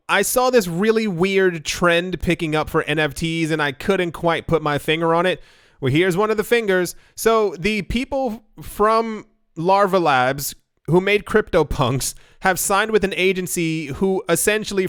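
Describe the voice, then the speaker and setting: A man's voice: fairly high pitch, a bit bright, smooth, no echo, clean studio sound. A man hosting a casual crypto news video, rambling into asides and self-deprecating jokes.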